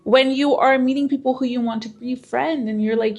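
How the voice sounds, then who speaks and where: Young woman, slight lisp, highish voice, casual vlog host talking straight to camera. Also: steady tone, normal speed, muffled recording. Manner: candid, chatty, swears casually. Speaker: self-improvement channel host.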